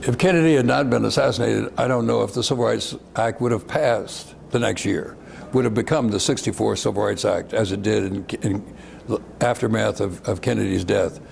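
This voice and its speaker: Gravelly older man telling stories. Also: on the low side, normal speed, a little hiss or hum. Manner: warm storyteller, often repeats words for emphasis. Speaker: guest speaker. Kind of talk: reminiscing talk with slides.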